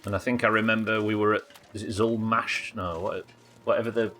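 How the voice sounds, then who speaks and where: A man's voice: on the low side, little pitch movement, fairly quick, pushed and bright, faint music behind. A British man giving live commentary while streaming a game, swearing often, muttering to himself and chatting with his viewers. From Britain.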